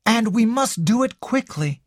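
An audiobook reader voicing a worn-down young woman who pleads in an emotional, hopeless way, pitched well above the reader's own voice. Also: lively intonation, a little slow, dry recording, studio quality, natural voice. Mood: desperate.

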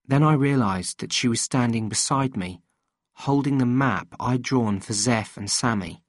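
A man reading a novel aloud in measured, steady scripted narration. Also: mid-range voice, no echo, clean studio sound. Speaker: audiobook reader.

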